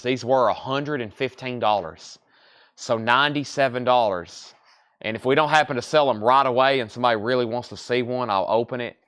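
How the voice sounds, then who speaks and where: A tired man with a drawl hosts a live sale, talking in a relaxed, folksy patter. He sounds sleepy but keeps the sales talk going, friendly and unhurried. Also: mid-range voice, clear, resonant tone. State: sleepy, yawning. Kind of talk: live auction selling.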